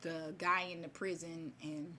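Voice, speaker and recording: A woman retelling a fairy tale in her own casual words, chatty and animated, with many fillers and asides. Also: fairly low pitch, a little slow, slight background noise. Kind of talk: casual spoken retelling of a story.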